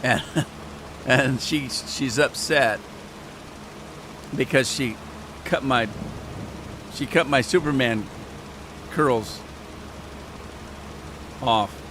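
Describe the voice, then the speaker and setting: A man's voice: mid-range voice, extremely slow, pauses often, background noise. Chatty man rambling over a farming game. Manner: rambling, chatty, talks to himself and chat. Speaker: gaming channel host. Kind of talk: casual gameplay commentary. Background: rain sounds from the game.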